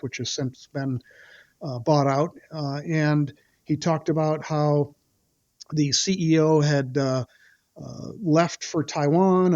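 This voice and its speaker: A man being interviewed as a guest lawyer, recounting events with indignation, often pausing on "uh" fillers. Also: fairly high pitch, darkish tone, highs cut off. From Wisconsin. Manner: indignant, retelling events with acted quotes and frequent "uh" fillers.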